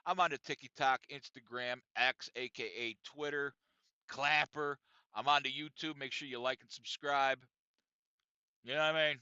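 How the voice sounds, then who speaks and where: A man's voice: medium pitch, fairly even intonation, normal speed, bright, forceful tone, smooth, no room sound. A man hosting his own podcast, talking bluntly and confessionally with a lot of profanity. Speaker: podcast host. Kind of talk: casual monologue podcast. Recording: dry, dull lo-fi sound.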